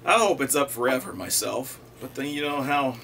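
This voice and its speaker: A man's voice: mid-range voice, animated, normal speed, a little hiss or hum. A man hosting his own rockabilly music show, chatting casually between songs with easygoing asides. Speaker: rockabilly singer and show host. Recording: loud guitar music under the voice.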